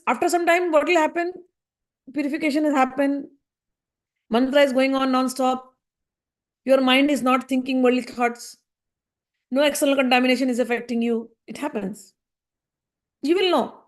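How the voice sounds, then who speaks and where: A woman giving a spiritual discourse, earnest and gently reassuring, repeating her points. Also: high voice. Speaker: spiritual teacher.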